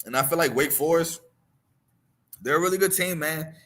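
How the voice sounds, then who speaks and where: A man's voice: a little high, normal speed, a bit bright. A man hosting a sports talk show, giving his picks and opinions in a loose, conversational way and often tossing in "man" as he goes. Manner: loose, conversational, repeats himself and drops in "man"; gives picks and opinions in a confident, offhand way. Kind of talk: casual sports talk commentary.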